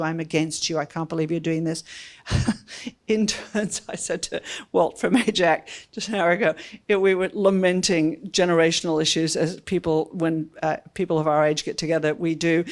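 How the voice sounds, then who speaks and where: A woman giving a policy talk to an audience in a lecture room, animated and conversational, often checking in with "right?". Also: fairly low pitch. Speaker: guest speaker.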